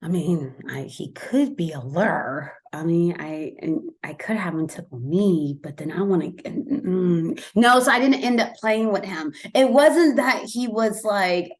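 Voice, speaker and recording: A woman's voice: lowish voice, animated, unhurried, few pauses. Blunt, chatty American woman. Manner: blunt, profane, chatty, swings from loud to hushed asides. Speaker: host. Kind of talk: casual monologue.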